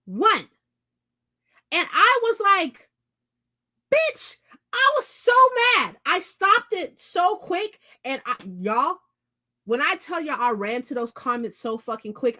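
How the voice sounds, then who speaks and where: A woman with a high, bright voice chats to her viewers in a casual book vlog recorded at home. Her pitch swings widely and she hammers points home by repeating them. She swears freely as she talks. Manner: animated, profane, repeats phrases for emphasis. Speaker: book vlogger host. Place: indoors at home.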